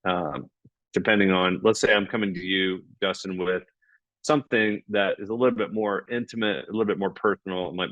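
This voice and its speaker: Male podcast guest, low voice, animated explainer, dry muffled recording. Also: brisk, no echo. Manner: animated, acts out dialogue. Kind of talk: conversational explanation.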